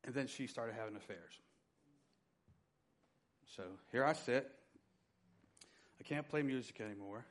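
A middle-aged man preaching a sermon, telling his personal testimony with dynamic swings from loud emphasis to quiet. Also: medium pitch, a little slow, pauses often. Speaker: pastor.

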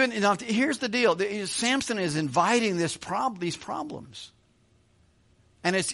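A man's voice: sits high, fairly bright tone. A man preaching verse by verse through a Bible passage, reading aloud and adding casual, joking asides. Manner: conversational, joking asides, chuckles often. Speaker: pastor.

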